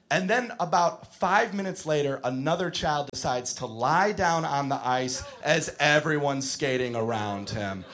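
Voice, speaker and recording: A man doing stand-up comedy, telling stories with animated, shouted acted-out bits. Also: fairly high pitch, a little slow, few pauses. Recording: live show with audience laughing. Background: crowd laughter.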